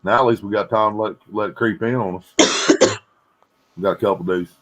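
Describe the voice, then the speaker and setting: A man's voice: lowish voice, steady tone, fairly quick, fairly bright tone. A man hosting a casual group chat, joking, swearing freely and laughing often.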